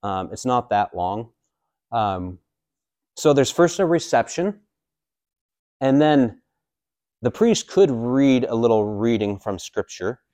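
Man in his forties, priest, casual teaching, joking asides, average pitch, dry sound. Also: lively intonation, takes it slowly, pauses often, warm tone, dry recording. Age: 40s. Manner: casual and joking, with many fillers. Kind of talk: teaching a catechism class.

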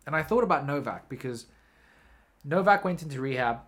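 A man's voice: a little high, animated, fairly quick, fairly bright tone. A man hosting a solo podcast, telling a story in a rambling, casual way, swearing freely and often correcting himself. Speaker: podcast host.

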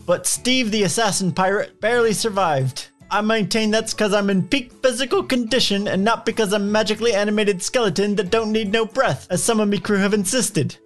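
A boastful undead sailor insisting he's in peak condition, his voice lifted well above normal, as a man puts him on for a podcast bit. He talks in rough, ungrammatical pirate slang and sounds a touch louder than plain talk. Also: sits high, a little fast, hardly any pauses, soft background music, voice pushed up, lightly acted.

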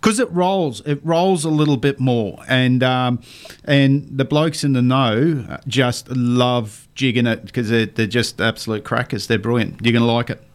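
An Australian man hosting a radio fishing show, chatty and enthusiastic and quick to laugh. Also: mid-range voice. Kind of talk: casual radio chat.

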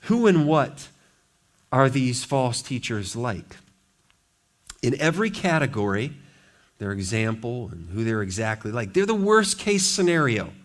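In an unhurried but very animated mid-range voice, a male pastor preaches with emphasis, alternating loud declarations with hushed asides.

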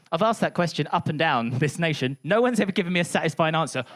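A woman comedian doing a punchy, animated stand-up set on a club stage. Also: deep voice, normal speed, a little hiss or hum. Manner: animated, punchy, laughing through lines.

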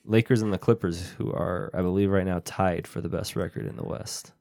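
Casting note: low-voiced man, sarcastic and profane podcast co-host, dry sound. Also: steady tone, brisk, gravelly, mellow, no echo. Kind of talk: casual sports chat.

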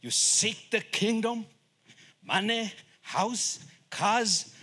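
A middle-aged man who is a missionary, preaching a sermon in English, which is not his first language, lively and acting out voices. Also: high-pitched, drawn-out words. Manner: animated, acts out voices and laughs often.

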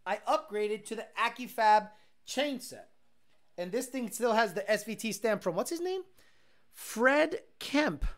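A woman's voice: medium pitch, a bit bright. A woman hosting a casual livestream, reading comments and answering bluntly, with profanity and Spanish slang mixed in. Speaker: streamer and car enthusiast host.

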